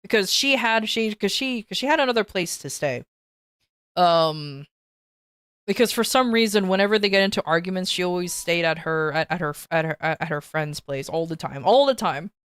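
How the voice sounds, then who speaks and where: A woman's voice: on the low side, normal speed, a bit bright, smooth, no echo, clean studio sound. A woman telling a story on a casual livestream, rambling and swearing, with many restarts and fillers. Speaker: streamer.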